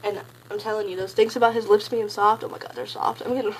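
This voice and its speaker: A teenage girl telling a story in a casual vlog, gushing and rambling, packing her sentences with "like" and jumping into excited high squeals. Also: fast, a little hiss or hum, poor audio. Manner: gushing, rambling, heavy use of "like"; bursts into high excited squeals when quoting. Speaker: concert fan recounting a meet and greet.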